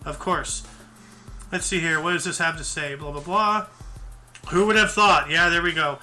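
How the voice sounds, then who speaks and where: A tired man hosts a casual news commentary show, reading articles aloud and rambling between them with fillers and self-corrections. His voice sits high for a man and sounds strikingly bright and sharp. Music plays faintly underneath. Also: moderate pace.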